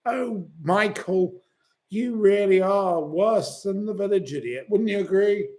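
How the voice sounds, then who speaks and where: A man's voice: sits high, unhurried, darkish tone. A man hosting a livestream, reading viewer comments aloud and ranting and swearing at commenters. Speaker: channel host.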